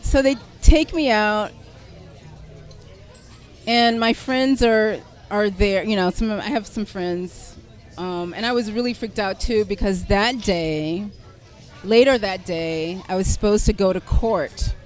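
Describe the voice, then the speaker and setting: Animated middle-aged woman telling a story. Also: mid-range voice, slow. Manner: animated, laughing, self-deprecating. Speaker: guest storyteller. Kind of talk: conversational storytelling.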